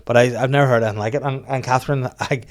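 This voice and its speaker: A man hosting a comedy podcast, telling stories in quick casual chat and laughing often. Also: medium pitch, steady tone. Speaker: podcast host.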